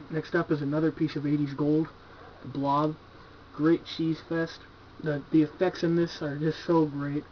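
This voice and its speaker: A man's voice: fairly high pitch, a little slow, slight background noise. A man casually reviewing horror movies from his collection at home, laid-back and enthusiastic, swearing freely and filling his talk with "like" and "you know.". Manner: laid-back, profane, enthusiastic, filler-heavy. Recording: dull lo-fi home video recording.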